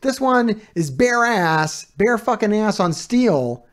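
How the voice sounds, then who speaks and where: A man's voice: high voice, animated, slow. A man reacting to a video as a streamer, ranting in casual, heavily profane and exasperated commentary.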